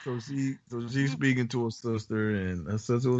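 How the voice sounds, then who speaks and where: Low man, laughing storyteller, dry muffled podcast audio. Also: brisk, few pauses, no echo. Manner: storytelling, animated, laughs a lot. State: recovering from covid. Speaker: podcast co-host. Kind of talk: casual chat.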